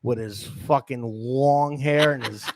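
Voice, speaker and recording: A man's voice: mid-range voice, takes it slowly, background noise. Profane New man telling stories. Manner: profane, rambling street-hustler storytelling. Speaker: podcast host. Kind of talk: casual storytelling. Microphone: studio microphone.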